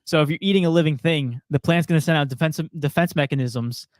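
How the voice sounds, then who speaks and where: Brief: young male podcast co-host, slightly high voice, playful and loose, dry close sound. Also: fast talker, no room sound. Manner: playful, laughs often, reads out viewer comments. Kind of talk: casual sports chat.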